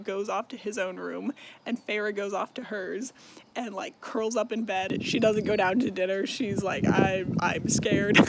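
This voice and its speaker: A man's voice: sits high, fairly bright tone, slight background noise. Rambling young man recapping a book. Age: young adult. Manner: rambling, filler-heavy, swears, laughs often.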